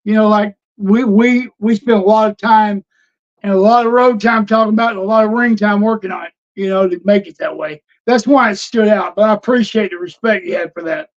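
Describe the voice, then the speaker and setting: A man's voice: high-pitched, a little fast. An older man, a veteran wrestler telling road stories in a casual interview, acting out old conversations. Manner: animated storyteller, acts out old conversations. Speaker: retired pro wrestler, guest. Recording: dull lo-fi stream audio.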